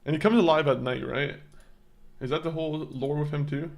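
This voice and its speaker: A man's voice: fairly high pitch, steady tone, fairly quick, creaky. A man streaming a game, chatting casually with his viewers, rambling and laughing and often tripping over his words. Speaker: gaming streamer.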